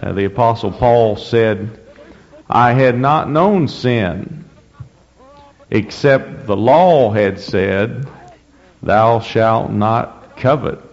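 Slow-preaching man in an echoing church. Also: fairly low pitch. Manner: slow, deliberate reading with rising emphasis and frequent throat clearing. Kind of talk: sermon with scripture reading. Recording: dull lo-fi recording in a reverberant hall.

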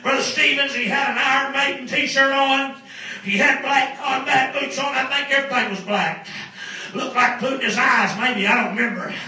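A middle-aged man preaching a sermon as a story, exuberant, laughing often and breaking into shouted praise. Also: very high voice, steady tone, moderate pace. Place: large church hall. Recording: echoey church, distant mic, congregation. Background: congregation responding.

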